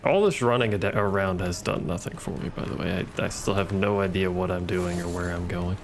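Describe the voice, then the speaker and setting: With game music and a noisy background behind him, a low-voiced man talks a little fast as he streams. His gameplay commentary is casual and sarcastic, peppered with muttering and curses aimed at the game.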